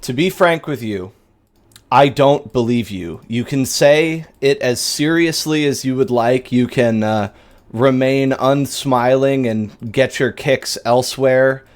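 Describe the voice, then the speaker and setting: A man's voice: medium pitch, takes it slowly, lightly acted. A man voicing a stern, offended priest who scolds in formal, indignant speech. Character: stern middle-aged male priest, offended.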